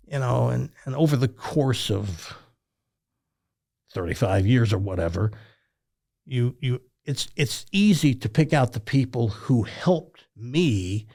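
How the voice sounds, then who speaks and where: This older Tennessean, a former radio talk host with a Southern accent, takes his time telling folksy stories as an interview guest. His mid-range voice has vocal fry, and his delivery is lively and homespun.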